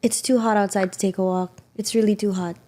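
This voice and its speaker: A woman's voice: mid-range voice, steady tone, fairly quick, warm tone. A woman co-hosting a podcast in playful, chatty casual talk. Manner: playful, chatty, mixes in Tagalog. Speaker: podcast co-host. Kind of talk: casual chat.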